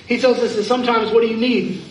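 Male pastor, high voice, conversational sermon, echoey church from far off. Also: steady tone, fast, slight background noise. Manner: conversational preaching with questions to the congregation. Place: church sanctuary.

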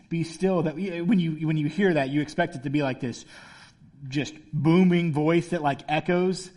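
High-voiced man preaching casually. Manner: conversational, playful storytelling preacher. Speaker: pastor. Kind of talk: sermon.

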